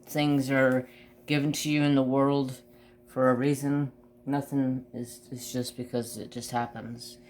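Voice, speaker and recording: A man's voice: mid-range voice, flat delivery, unhurried, darkish tone, a little hiss or hum. A man hosting a crafting channel, telling a long personal story in casual chat, swearing freely and restarting his sentences.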